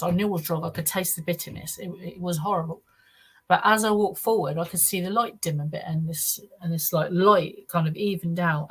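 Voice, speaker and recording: Earnest, halting woman, low voice. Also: husky. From United Kingdom. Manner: earnest, halting storytelling with frequent restarts. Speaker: guest. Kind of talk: first-person account in a podcast interview.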